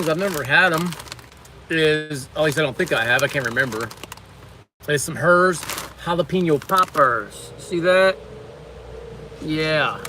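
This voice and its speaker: Bright-voiced chatty livestream host. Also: male voice, a little high, slight background noise. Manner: rambling, chatty, reads comments aloud. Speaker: livestream host reviewing snacks. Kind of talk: casual livestream chat. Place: on lunch break at a waterfront work site.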